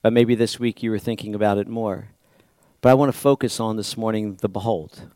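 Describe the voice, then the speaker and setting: A man's voice: fairly low pitch, steady tone, fairly quick, dark tone, no room sound. A man pastor preaching a sermon in a church, talking in a conversational, rambling way with restarts and repeated words.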